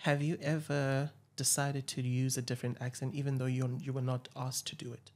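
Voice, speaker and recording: A young man, hosting an interview in a hesitant, reflective way, with frequent pauses and fillers. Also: medium pitch, level tone, a little mellow. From South Africa. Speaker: podcast host. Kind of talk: casual interview chat.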